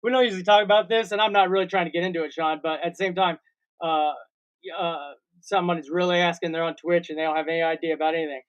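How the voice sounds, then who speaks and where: A man's voice: a little high, fairly even intonation, quick pace, clear, resonant tone, highs cut off. A man in his forties, co-hosting a casual comedy podcast, telling a long rambling story with made-up sound words. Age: 40s. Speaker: co-host.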